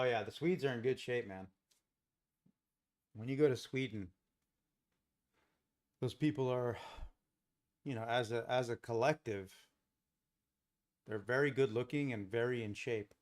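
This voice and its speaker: A man's voice: medium pitch, a little slow, long pauses. Laid-back man hosting a trading stream. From Los Angeles. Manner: relaxed, rambling, chuckles often. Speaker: day trading livestream host. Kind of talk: casual live commentary, chatting with viewers. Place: home trading setup.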